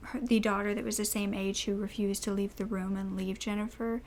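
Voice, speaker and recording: A woman telling a true crime story in a soft voice that often drops to a whisper. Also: fairly high pitch, creaky, slight background noise.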